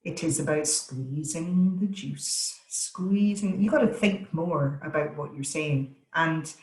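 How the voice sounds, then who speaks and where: A woman speaks as a voice coach, leaning hard on each word with energetic, deliberate emphasis. Her voice sits fairly low for a woman. The call sounds roomy, with a noticeable echo around her. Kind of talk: webinar Q and A answers. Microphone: video call.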